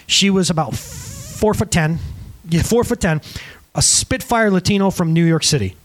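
A middle-aged male pastor delivers a lively sermon with a high voice that swoops all over. He jokes with the room and acts out the people in his stories. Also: moderate pace. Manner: animated, joking, acts out quotes. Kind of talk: sermon with storytelling.

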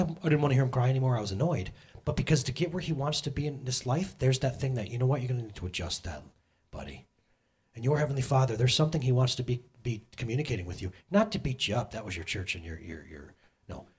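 A man in his thirties preaching a sermon with animated swings between loud exclamations and soft storytelling. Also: medium pitch, fast talker, slightly rough. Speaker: pastor.

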